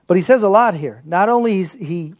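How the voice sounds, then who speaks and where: Pastor, male, slightly high voice, animated sermon delivery with lots of laughter. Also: brisk. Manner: animated storytelling with frequent laughter.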